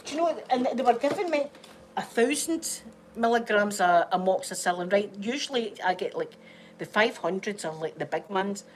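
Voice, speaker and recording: In a home vlog, a Scottish woman who is feeling unwell chats and rambles casually, laughing often. Her mid-range voice is expressive and moderately paced, with slight background noise.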